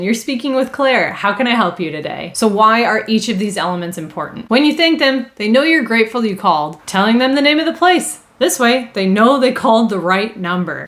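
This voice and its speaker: A woman's voice: medium pitch, fairly bright tone. A woman training customer service staff, upbeat and emphatic, acting out sample phone greetings. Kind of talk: instructional talk to camera.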